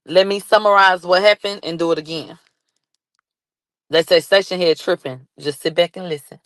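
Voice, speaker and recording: A woman giving excited live commentary, reading posts and chat aloud, laughing and shouting in bursts. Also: on the low side, moderate pace, dry recording. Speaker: commentary vlogger.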